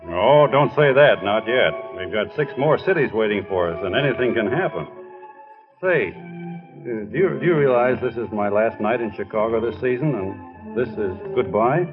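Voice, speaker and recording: A man playing an earnest, bashful young ballplayer in 1940s radio acting, his voice husky on a tinny old broadcast. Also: mid-range voice, expressive, normal speed, over music, natural voice.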